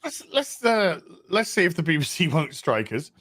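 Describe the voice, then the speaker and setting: A man's voice: a little high, wildly swooping pitch, moderate pace, fairly bright tone. A man hosting a casual podcast, reacting to a clip with sarcastic jokes. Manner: joking, sarcastic. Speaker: podcast host. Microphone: desk mic through a streaming mixer.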